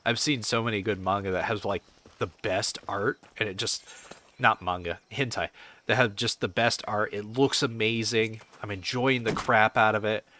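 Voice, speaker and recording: A man's voice: on the low side, steady tone, moderate pace, sharp tone, a little hiss or hum. A man chatting casually on a game stream, rambling and swearing as he answers chat.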